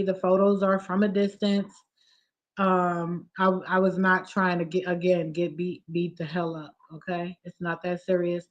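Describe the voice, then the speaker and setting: A soft-spoken woman hosting a live stream, chatting casually and close to tears. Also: on the low side, lo-fi sound. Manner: emotional, on the verge of tears.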